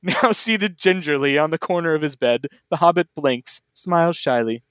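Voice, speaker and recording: A man's voice: a little high, animated, moderate pace, a bit bright, clean tone, dry recording, clean studio sound. A man reading fan fiction aloud as a comedy podcast host, in a mock-serious style. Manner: mock-serious reading, breaking into laughs and asides.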